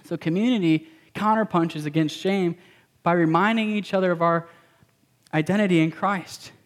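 A man's voice: sits high, normal speed. A man preaching a sermon as a pastor, emphatic and repetitive, mixing in casual slang.

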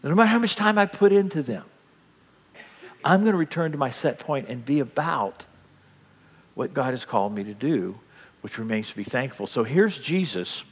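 A man preaching a sermon in a dramatic, animated way, acting out the scene as he goes. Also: mid-range voice, normal speed, breathy edge, in a large hall. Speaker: pastor.

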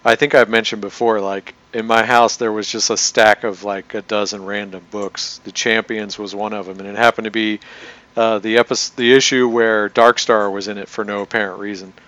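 A man co-hosting a casual chat, animated and joking as he tells a story. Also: fairly low pitch, normal speed, muffled recording. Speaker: podcast co-host.

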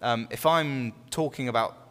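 The recording, heavy with long room reverb, captures a man teaching a small Bible study group. His voice is medium in pitch and normal in speed, and his relaxed delivery includes frequent restarts and questions aimed at the group.

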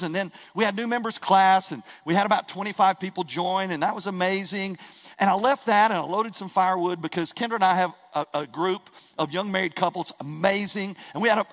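A middle-aged man preaching a sermon, telling a story in an animated way and repeating words when he gets excited. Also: high-pitched. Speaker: pastor. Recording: long reverb of a church hall.

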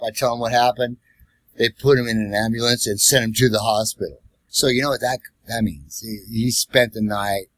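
A man telling a wild cab-driving story in casual, profane chat, acting out the voices of the people in it. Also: lowish voice. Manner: profane, animated, acts out voices in his stories. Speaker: podcast co-host, former cab driver.

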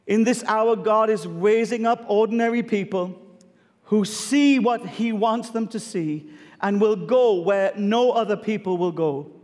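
A man's voice: high-pitched, a little slow, darkish tone, long reverb tail. A middle-aged male pastor preaching a sermon, telling stories emphatically and challenging the congregation with rhetorical questions.

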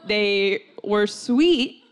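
A woman's voice: medium pitch, very slow. A young woman tells a rambling personal story in a loose, chatty way. She laughs often and leans on "like" and "you know". Her voice swings up and down as she acts out what everyone said. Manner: animated, laughing often, heavy use of "like".

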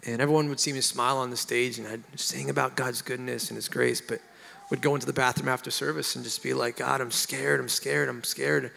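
A man's voice: medium pitch, little pitch movement, fast, creaky, sharp tone, long reverb tail. A man who is a worship pastor, telling his story earnestly and emotionally from a church stage, often stopping and restarting his sentences. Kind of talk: confessional sermon storytelling.

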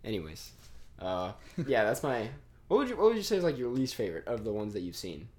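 A man's voice: lowish voice, very animated, fast, darkish tone. A young man hosting a casual podcast chat, rambling and trailing off, laughing often. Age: young adult. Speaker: podcast host.

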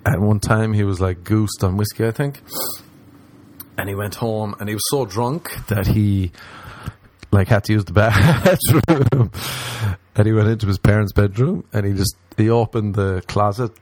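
A man's voice: fairly low pitch, normal speed, a little mellow, dry recording. A man telling rambling comic stories and laughing at his own jokes. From Ireland. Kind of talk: casual comedic storytelling.

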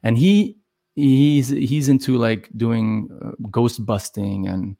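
A man from Los Angeles, a podcast guest telling a personal story in a lively conversational way, full of "like" and "you know" fillers and acted-out quotes. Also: medium pitch, takes it slowly, gravelly. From Los Angeles, USA. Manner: animated, acts out quoted voices, heavy "like" and "you know" fillers.

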